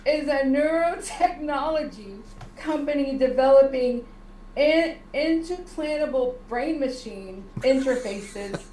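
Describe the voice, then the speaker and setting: A woman co-hosting a casual online chat show, chatty and quick to giggle. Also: high voice, lively intonation, mellow, a little hiss or hum. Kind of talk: casual video-call chat. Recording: echoey room, distant mic.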